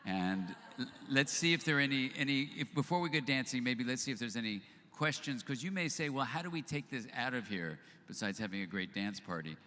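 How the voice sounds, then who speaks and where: Speaking to a live audience, an older man with a medium-pitched voice relates an anecdote briskly, with hardly any pauses, acting out each person in the exchange. The event hall lends long reverb, and there's some faint noise.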